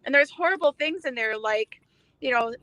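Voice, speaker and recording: A woman's voice: sits high, lively intonation, moderate pace, bright, forceful tone, no echo. A woman guest in a casual conversation, agreeing often with short affirmations.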